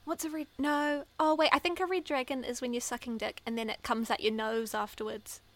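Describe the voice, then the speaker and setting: A woman co-hosting a podcast, recapping book plots in an animated way and slipping into character voices. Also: a little high, brisk, no room sound. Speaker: podcast co-host. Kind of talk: casual podcast chat, recapping books.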